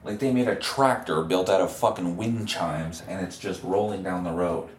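A man's voice: low voice, normal speed, a little hiss or hum. A man hosting a podcast, rambling through a profane comedic monologue and a joking phone call. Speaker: podcast host.

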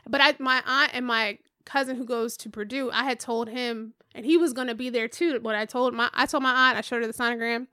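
A woman in her thirties, a podcast co-host, telling a story in casual chat, animated and swearing freely as she acts out what others said. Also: fairly high pitch, a little fast, hardly any pauses, dry recording, clean studio sound. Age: 30s. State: pregnant.

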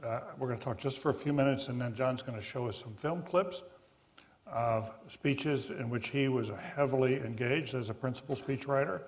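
Older man moderating, halting and measured. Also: medium pitch. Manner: measured, with frequent uh fillers and restarts. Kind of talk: moderating a forum interview.

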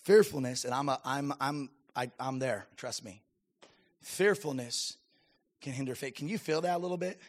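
A man's voice: medium pitch, moderate pace, a bit bright. A man preaching a sermon as a pastor, emphatic and calling out to his congregation. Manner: emphatic preaching with audience call-outs.

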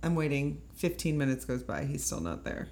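A woman's voice: extremely low pitch, brisk, gravelly, slight background noise. A young woman telling a dating story in casual chat, acting out the lines of the people in it. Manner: animated storytelling, acts out quoted lines. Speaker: storyteller guest.

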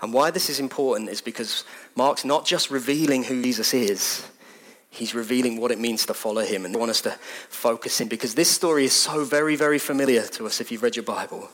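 A man preaching a sermon in a conversational, animated way, repeating phrases for emphasis. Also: medium pitch, a little fast.

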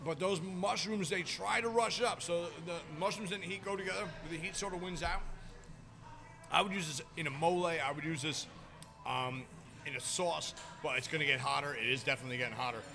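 Podcast host, slightly high voice, short plain review lines. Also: male voice, fairly even intonation, a little fast, vocal fry. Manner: announces then reviews in short plain sentences. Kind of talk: hot sauce review.

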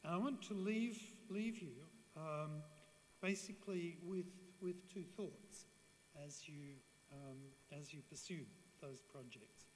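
An older woman giving a farewell university lecture in an earnest, measured way, with frequent restarts. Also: deep voice, a little mellow. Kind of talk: public lecture. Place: lecture hall. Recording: reverberant hall with faint background noise.

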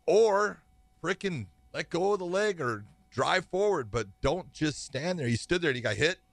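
A man calmly breaks down fight technique in casual podcast talk. His voice sits a touch high. The recording is dry and close. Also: moderate pace, creaky, dry recording. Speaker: podcast co-host. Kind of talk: casual chat.

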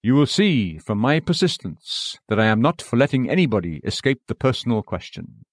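A man's voice: mid-range voice, big pitch swings, moderate pace, dry recording, clean studio sound. Earnest man reading a sermon. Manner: earnest, pleading, emphatic. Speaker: preacher. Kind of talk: read-aloud sermon.

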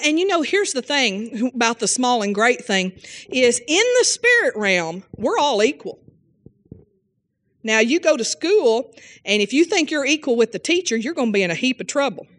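Fervent woman preacher, slightly high voice. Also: fairly bright tone. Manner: fervent, often exclaims "hallelujah" and "amen"; questions listeners directly and calls on them by name. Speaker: Bible teacher. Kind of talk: sermon.

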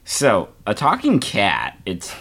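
A man with a very low voice co-hosts a casual podcast, swinging widely in pitch as he talks. He jokes and riffs in quick asides. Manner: animated, jokey, quick asides. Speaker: podcast co-host. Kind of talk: casual chat.

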